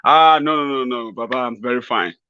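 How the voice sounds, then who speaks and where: A man voicing a meek middle-aged male aide who answers his elder in a hushed, placating way. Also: mid-range voice, fairly quick, smooth, no echo, phone-quality sound, close to an everyday voice. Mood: deferential.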